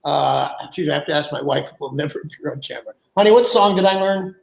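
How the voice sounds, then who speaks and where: A man in his sixties, a guest, telling animated anecdotes and acting out the people he quotes. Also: a little high, fast, gravelly, echoey room, rough recording. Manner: animated storyteller who acts out quoted people, laughs mid-story. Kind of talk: anecdotal storytelling.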